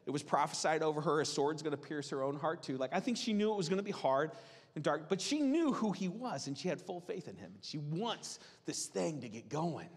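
A man preaching a sermon in a conversational, animated way, acting out the voices of people in the story. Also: on the high side, a little fast, slightly rough. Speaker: pastor. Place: church hall. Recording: reverberant hall.

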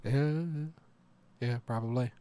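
A man co-hosting a casual podcast, chatting in a dry, deadpan joking manner. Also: mid-range voice, slow pace, smooth, no echo. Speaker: podcast co-host. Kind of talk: casual chat. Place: lives in Michigan.

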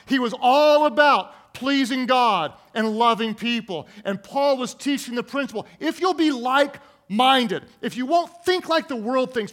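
A man preaching a sermon who jokes with the congregation, calls for their responses and slows down to stress key words. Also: very high-pitched, fairly bright tone. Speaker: pastor.

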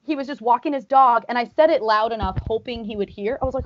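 A woman from Arizona chatting casually, telling animated stories and laughing often as she talks. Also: a little high, quick pace, hardly any pauses, lo-fi sound, slight background noise. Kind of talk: casual chat. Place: rooftop, outdoors.

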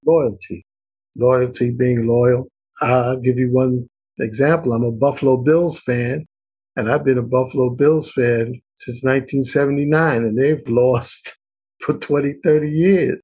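A middle-aged man, a real estate agent being coached, who talks haltingly and often restarts his sentences. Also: mid-range voice, fairly even intonation, darkish tone, slightly rough, poor audio.

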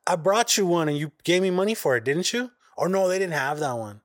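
A man's voice: high voice, lively intonation, fairly quick. A man from Arizona co-hosting a podcast, telling a long profane story with a lot of animation. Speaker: podcast co-host. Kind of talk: casual chat.

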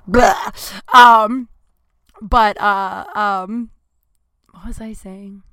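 A woman's voice: medium pitch, steady tone, very slow, a bit bright, clean tone, no room sound. A woman in her late thirties rambles through a casual confessional monologue, nervous and flustered, dropping swear words as she goes. Her voice sits in a middle range and sounds close and dry, with no room around it.

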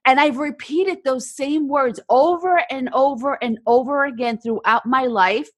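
A woman's voice: sits high, a little slow, no room sound. A woman guest telling candid stories in a casual podcast conversation, often quoting her own thoughts aloud. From New Jersey, USA. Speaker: entrepreneur guest.

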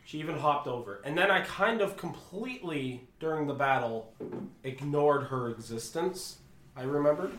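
A man's voice: on the high side, lively intonation, moderate pace, a bit bright, reverberant. A man narrating as dungeon master of a tabletop game, chatty and jokey. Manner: chatty, jokey, switches into character voices.

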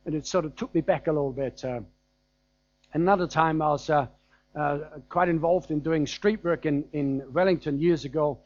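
With a German accent and a voice a little high for a man, this preacher gives a chatty, story-driven sermon full of fillers and small laughs. He talks at normal speed with a darkish tone. The audio is dry and dull, with no echo or room sound and muffled highs.

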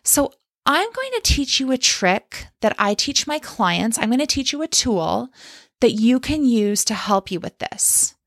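A woman coaching her listeners in a solo podcast, upbeat and direct, often asking "okay?" or "right?" to keep them with her. Her voice sits a little high. The sound is close and dry. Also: very animated, unhurried, a bit bright, dry recording. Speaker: life coach. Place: lives in Canada.

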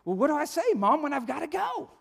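A man voicing a blunt, innocent little boy in a story told during a sermon, speaking quietly. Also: very high voice, sing-song, quick pace, gravelly, pitched above the performer's own voice, full character voice. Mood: hushed.

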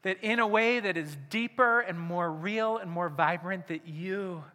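Male pastor, high bright voice, sermon delivery swinging between hushed and urgent, long church-hall reverb. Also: a little slow. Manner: swings from hushed intimate asides to loud urgent appeals.

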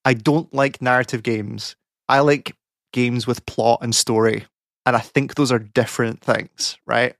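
A man's voice: mid-range voice, fairly even intonation, measured pace, creaky, a bit bright, no echo, studio quality. A young man, a podcast co-host, rambling and ranting in exasperation with lots of fillers. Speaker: podcast co-host, game academic. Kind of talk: casual podcast chat.

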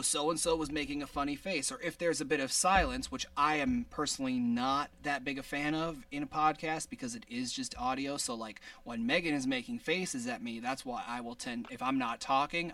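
A podcast host speaks over a video call, his medium-pitched voice bright and forceful but far from the mic. He rambles casually, pokes fun at himself, and is quick to laugh.

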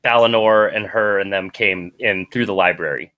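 A man's voice: fairly low pitch, steady tone, moderate pace, bright, forceful tone, lo-fi sound. A man running a tabletop game as game master, narrating with frequent hesitations. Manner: hesitant, full of ums.

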